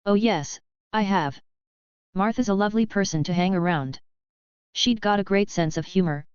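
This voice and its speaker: A woman's voice: medium pitch, normal speed, smooth, no echo, close to an everyday voice. Cheerful middle-aged aunt, read by a woman. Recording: dull lo-fi recording.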